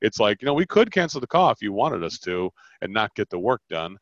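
A man coaching on a podcast, animated and quick, often acting out customer lines as he explains sales talks. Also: fairly low pitch, dry recording, dull audio. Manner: animated, fast-talking, acts out customer lines.

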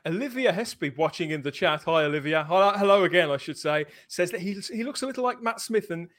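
Male podcast host, high voice, leads the panel and reads comments aloud. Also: animated, fast, fairly bright tone. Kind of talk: livestream panel chat.

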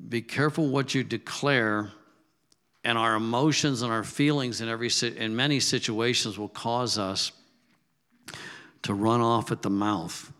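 A man preaching a sermon in an animated storytelling manner, his voice rising loud when he makes a point. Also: fairly low pitch.

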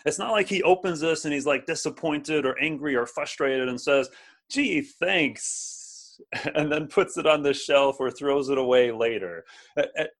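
A man preaching a sermon, often repeating words and asking the listeners to respond. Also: fairly high pitch. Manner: halting, repeats words, asks audience to respond. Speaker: pastor. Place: streamed over video call and social media.

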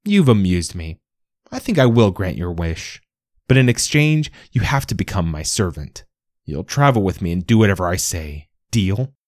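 A man's voice: low-pitched, big pitch swings, normal speed, no room sound, clean studio sound. A man voicing a rude, grumpy fairy penguin in a storybook reading, curt and bossy.

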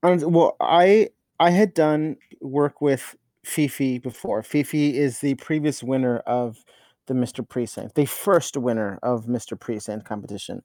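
A young man, a podcast guest, telling crude, animated stories in casual chat, swearing and stumbling over fillers. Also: medium pitch, unhurried, no room sound, studio quality.

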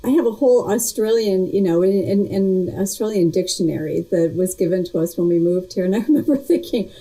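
A woman's voice: medium pitch, a little fast, mellow, slightly rough, low-quality recording. A woman being interviewed as a guest, chatting casually and reflectively with frequent restarts. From United States. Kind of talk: casual remote interview chat.

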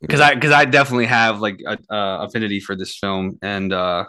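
A man asking questions and chatting about a film on a podcast, halting and full of fillers. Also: on the low side, fairly even intonation, bright, forceful tone, clear, resonant tone, no room sound. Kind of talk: casual film discussion.

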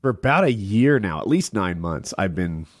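A young man chatting casually with fellow streamers, his lowish voice swooping up and down as he rambles. He laughs often and wanders between thoughts. The mic is close and dry. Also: big pitch swings, normal speed, no echo. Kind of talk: casual chat.

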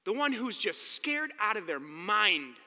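High, bright-voiced preacher in a hall. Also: male voice, a little slow. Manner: animated storytelling, acting out quotes. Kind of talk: sermon. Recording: long hall reverb.

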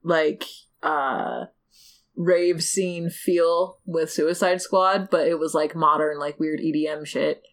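A woman's voice: sits low, fairly even intonation, slow pace. A young woman rambling casually as a podcast co-host, laughing easily and swearing offhand. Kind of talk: casual chat.

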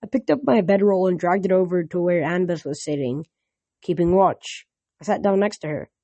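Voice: mid-range voice, brisk, warm tone, no echo, muffled recording. A reader reading a novel aloud in first person, with frequent slips and restarts.

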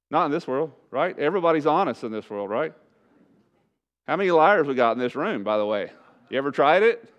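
A male pastor preaching a sermon in a church, speaking with emphasis and repeating his key phrases. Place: church sanctuary. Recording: dull low-fidelity church recording.

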